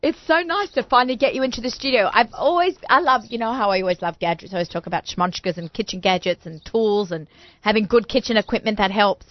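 A woman's voice: mid-range voice, fast, dry recording, muffled recording. A woman hosting a studio talk show, chatty and bubbly, often talking over her guests. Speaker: host.

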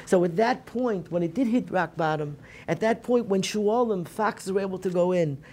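A man's voice: sits high, normal speed, a little mellow. A man giving an earnest Tisha B'Av Torah lecture at a synagogue program. He often repeats and restarts phrases and mixes in Hebrew terms.

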